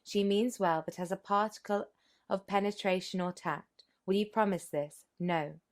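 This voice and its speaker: A woman voicing an earnest, impatient young gentleman who presses his questions insistently. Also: mid-range voice, steady tone, moderate pace, lightly acted.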